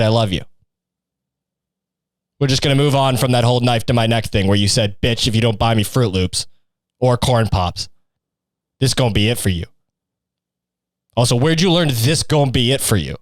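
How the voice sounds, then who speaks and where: A man's voice: medium pitch, no echo, clean studio sound. A young man hosting a solo podcast, rambling crudely with constant profanity. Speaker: podcast host. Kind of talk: casual solo podcast rant.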